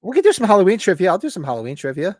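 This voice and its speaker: A man hosting a casual live watch-party chat, telling animated stories and acting out bits of dialogue. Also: high-pitched, rapid-fire, no echo, clean studio sound. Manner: animated storytelling, acts out voices. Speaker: host.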